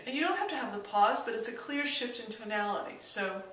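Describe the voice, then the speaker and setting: Bright-voiced woman teaching from a distance. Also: on the high side, lively intonation, brisk, few pauses, roomy sound. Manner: demonstrates tone shifts in example sentences. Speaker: persuasion teacher. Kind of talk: instructional video talk.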